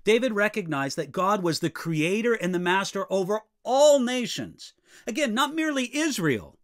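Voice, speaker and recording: A man preaching an expository sermon, reading scripture aloud with strong emphasis and dropping to soft, low asides in between. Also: normal speed. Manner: expressive, rises high when reading scripture, drops low and soft on asides.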